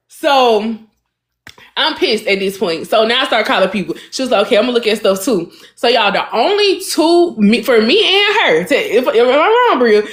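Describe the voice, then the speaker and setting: A woman co-hosting a podcast, telling a story in a casual, animated way, exasperated and speaking. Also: fairly high pitch. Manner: animated, addresses listeners as y'all, vents with exasperation. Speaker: podcast co-host.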